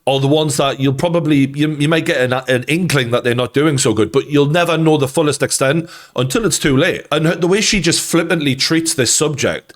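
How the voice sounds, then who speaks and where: A man's voice: a little high, fairly quick, hardly any pauses. A man with a Geordie accent hosting a reaction channel, giving blunt, sarcastic commentary peppered with swearing.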